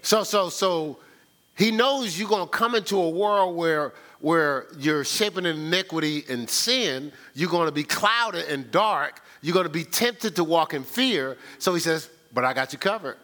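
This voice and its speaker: A man's voice: lively intonation, unhurried, pushed and bright. A man preaching a sermon as pastor, swinging his voice up and down and asking "right?" often, with frequent repeated words. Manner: preaching with sudden rises and drops in pitch, call-and-response "right?"; repeats words when starting phrases.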